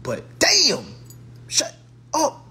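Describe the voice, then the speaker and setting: A man speaks extremely slowly in an extremely high, pushed and bright voice with huge pitch swings. He is a social media commentator delivering a profane, mocking monologue to his followers, using blunt slang and repeating his comebacks.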